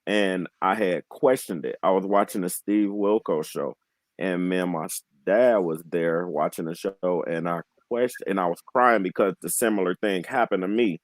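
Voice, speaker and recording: A man in his late twenties with a fairly low voice speaks candidly as a panel guest, heartfelt and emotionally open. He's earnest but halting, restarting sentences as he works through his thoughts, recorded dry and close with no room echo.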